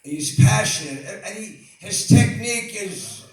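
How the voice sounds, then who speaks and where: An older man telling a rambling, animated story on stage at a live venue, full of laughing asides. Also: high voice, unhurried. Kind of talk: live anecdote. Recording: echoey hall, distant mic.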